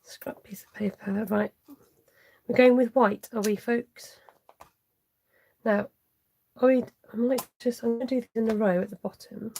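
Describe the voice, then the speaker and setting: A woman runs a live card-making tutorial from her craft desk, talking to viewers and to herself as she works. Her voice sits slightly high with a gravelly fry, and a faint hiss of noise lies behind it. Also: fairly even intonation, a little slow, long pauses, darkish tone. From United Kingdom. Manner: chatty, talks to herself while working, with muttered half-whispered asides.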